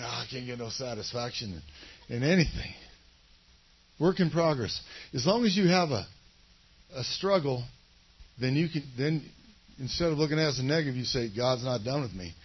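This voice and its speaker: A husky-voiced pastor, pitched on the high side, preaches to a small congregation through a muffled recording. He leads call-and-response and makes chatty asides to his listeners.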